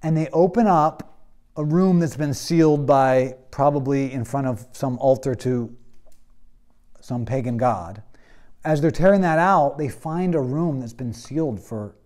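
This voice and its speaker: Brief: male teacher, chatty storytelling lecture, warm dark tone. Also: medium pitch. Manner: conversational storytelling with many fillers. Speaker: Bible teacher. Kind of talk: classroom lecture.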